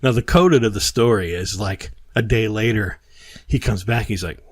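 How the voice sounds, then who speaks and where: A man hosting a podcast who tells stories in a casual, animated way and acts out the quotes. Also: on the low side, moderate pace, slightly rough, no room sound. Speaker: podcast host. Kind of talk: casual storytelling chat.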